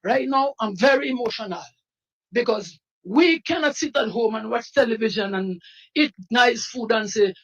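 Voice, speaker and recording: A man's voice: very high-pitched, animated, normal speed, muffled recording. A man with a Dominican accent speaking as an activist at a news interview, fiery and pleading, repeating himself. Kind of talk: impassioned street interview.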